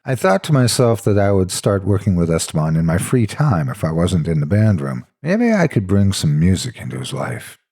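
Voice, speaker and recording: A man's voice: low voice, big pitch swings, normal speed, creaky, hardly any pauses, a little mellow. A man narrating a horror story in the first person, with a dramatic, intense delivery.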